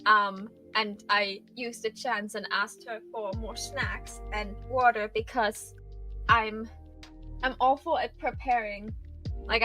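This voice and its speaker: A woman chats loosely on a live stream, circling back and padding her sentences with fillers. Her voice sits a little high for a woman, and faint lo-fi music plays underneath. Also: pushed and bright. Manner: rambling, many fillers and restarts. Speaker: guest streamer. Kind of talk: casual stream chat.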